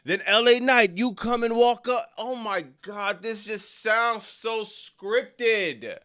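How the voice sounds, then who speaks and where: A man's voice: sits high, takes it slowly, bright, forceful tone, smooth. A man reacting on a live stream, talking to his chat in loose slang, exasperated and mocking. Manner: exasperated, slangy, mocks lines in exaggerated voices. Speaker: wrestling commentary streamer.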